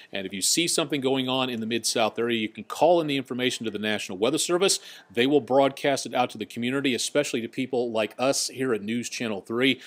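A man working as a TV meteorologist, hosting a casual live weather blog in a chatty, folksy way and reading out viewers' names. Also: medium pitch. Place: TV station in a downtown area.

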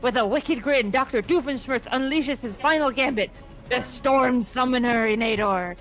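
A woman's voice: high voice, normal speed, a bit bright, faint music behind, poor audio. A woman voicing a swaggering pirate captain who announces a battle, in a hammy pirate accent that keeps breaking into giggles. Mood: boisterous. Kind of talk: reading an AI battle narration aloud.

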